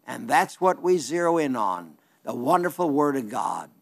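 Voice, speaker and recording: A man's voice: mid-range voice, very animated, moderate pace, creaky. A man preaching on television in a folksy, earnest, plainspoken way, reading viewer letters and asking for support.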